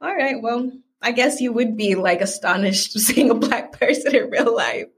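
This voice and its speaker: A woman's voice: on the high side, normal speed. A Southern American woman talking casually as a podcast guest. She slips into the voices of the people she quotes as she tells her stories. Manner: animated storyteller who acts out quoted people. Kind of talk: casual conversation.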